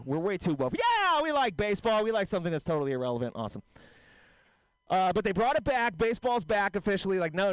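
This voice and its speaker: A male comedian with a high, smooth, resonant voice works the crowd at an open mic. He is loose and self-mocking, and the sound is dry and close on a studio mic. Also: dry recording, poor audio. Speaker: stand-up comedian. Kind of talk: stand-up at a radio open mic.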